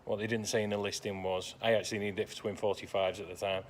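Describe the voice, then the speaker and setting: A man's voice: on the low side, little pitch movement, fast talker, a little hiss or hum. A man narrating his classic car restoration work in a garage workshop, grumbling with dry sarcasm between practical explanations.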